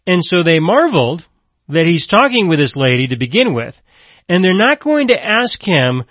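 A man's voice: high-pitched, very animated, normal speed, dry recording. A man preaching a broadcast Bible-teaching sermon, emphatic and repeating key phrases for weight. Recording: dull, lo-fi and dry.

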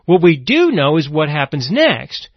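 A man's voice: on the high side, wildly swooping pitch, a little slow, no echo. A man preaching an expository sermon, reading scripture aloud and explaining it, sometimes voicing the people in the story with dramatic emphasis. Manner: dramatic, voices the grieving sisters' accusations. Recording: dull lo-fi, dry.

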